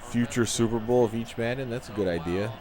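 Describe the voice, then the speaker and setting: A man with a Chicago accent commentating casually as he plays a football video game, chatty and relaxed as he reacts to plays and viewers. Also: mid-range voice, a little fast, crowd noise. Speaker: gaming channel host.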